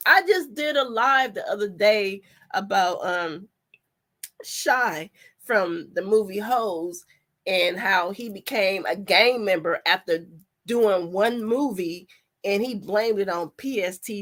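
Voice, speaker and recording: A high, lively woman's voice, talking slowly in an emotional commentary vlog. She trails off and restarts, swinging between quiet and loud. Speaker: commentary vlogger.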